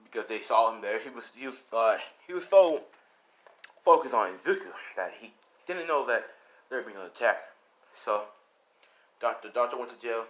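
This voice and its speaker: A man's voice: medium pitch, animated, normal speed, long pauses, a bit bright. A man casually retelling a fan story, rambling and swearing as he goes. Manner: rambling, profane, laid-back. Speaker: storyteller youtuber.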